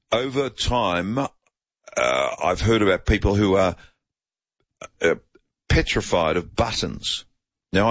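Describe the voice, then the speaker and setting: A man's voice: on the low side, fairly bright tone, dry recording. A man hosting talkback radio, speaking in a loose, chatty, wandering way. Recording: dull, dry radio broadcast.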